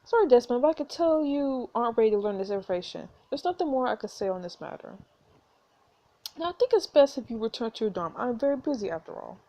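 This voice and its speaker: A stern, secretive male professor from a story game, as a woman reads him aloud. He speaks firmly and formally, brushing questions aside, in a fairly high voice with lively swings in pitch. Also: quick pace. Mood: stern warning. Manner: firm, formal and dismissive.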